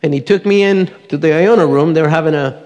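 A middle-aged man delivers his testimony fast, his fairly high voice a little mellow, earnestly acting out the voices he quotes for the congregation. The church sanctuary gives the recording a long hall reverb.

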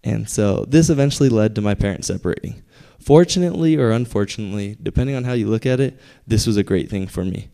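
Mellow-voiced young man telling a story. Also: lowish voice, creaky. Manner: conversational, building to punchlines with pauses. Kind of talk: live personal storytelling. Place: theater stage.

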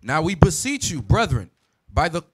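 A man reading Bible verses aloud in a measured, deliberate way during a sermon. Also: a little high, sing-song, slightly rough. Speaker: scripture reader.

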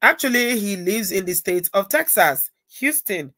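A woman hosts a live stream, her voice hoarse and her nose blocked by a cold. She chats easily, stopping to greet viewers by name. Her voice sits at a middle pitch and sounds dry and close, with little room sound. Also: lively intonation, normal speed, hardly any pauses, a bit bright, no echo. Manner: chatty, greets viewers by name between remarks. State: stuffy-nosed and hoarse from a cold. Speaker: channel host.

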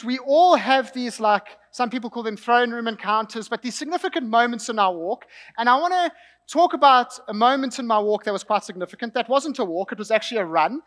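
High-voiced young South African preacher. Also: male voice, fairly bright tone, big-room sound. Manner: conversational storytelling with asides and light laughter. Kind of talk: sermon.

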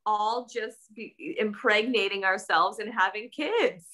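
A woman's voice: mid-range voice, a little slow, pushed and bright. A young adult woman co-hosting an aftershow, joking and laughing in a playful, incredulous way. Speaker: aftershow co-host. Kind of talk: casual chat.

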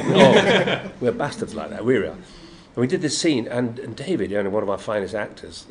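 At medium pitch and a brisk pace with hardly any pauses, an older man from Yorkshire, England, speaks in a Yorkshire English accent. As a guest actor interviewed in a noisy convention room, he relates lively anecdotes, dramatizing quotes and laughing frequently.

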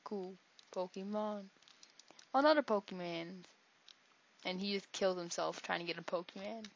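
A woman's voice: mid-range voice, moderate pace, long pauses, slight background noise. Rambling woman commenting on gameplay. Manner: rambling, jokey, talks to herself. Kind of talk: casual let's-play commentary. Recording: dull lo-fi recording.

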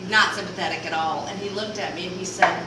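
A middle-aged woman with a Southern American accent, telling a comic story to a live audience in an animated, rambling way and acting out the dialogue. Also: fairly low pitch, fast talker. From Mississippi Delta, US. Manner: animated, rambling, acts out dialogue with big swings. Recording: far-off, very echoey room with noise.

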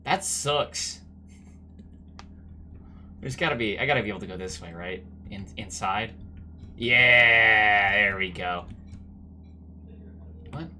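A man streaming a game with casual, sarcastic commentary that breaks into loud bursts of excitement. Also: fairly low pitch, unhurried, pauses often, a little hiss or hum.

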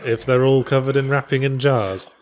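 A man with a British accent co-hosting a casual chat over gameplay, making dry, deadpan jokes. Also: mid-range voice, moderate pace. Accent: British English. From England. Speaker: co-host.

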